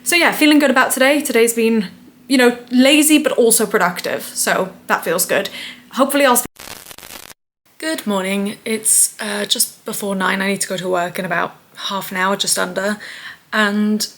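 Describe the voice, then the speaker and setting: A woman's voice: medium pitch, moderate pace, fairly bright tone. Chatty woman vlogging. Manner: chatty, rambling, self-deprecating. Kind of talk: casual chat to camera.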